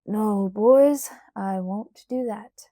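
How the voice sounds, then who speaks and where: A woman doing a cool, quiet frontier father. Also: mid-range voice, fairly even intonation, moderate pace, no room sound, studio quality, close to an everyday voice. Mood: calm. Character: calm, firm frontier father facing down a mob.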